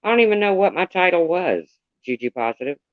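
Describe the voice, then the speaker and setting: A man's voice: sits high, lively intonation, fast, clean tone, no room sound, phone-quality sound. A man livestreaming in casual chat, rambling candidly and greeting viewers by name.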